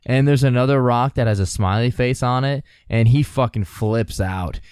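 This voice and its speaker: A man with a smooth, clear, mid-pitched voice retelling a story in relaxed podcast chat, peppered with swearing. His voice is close and dry. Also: moderate pace, no room sound. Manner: profane, storytelling. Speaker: podcast co-host.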